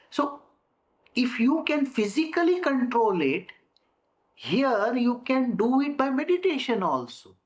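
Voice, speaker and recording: A woman explaining a scripture in a deliberate way, repeating her phrases and acting out examples. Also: a little high. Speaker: spiritual teacher.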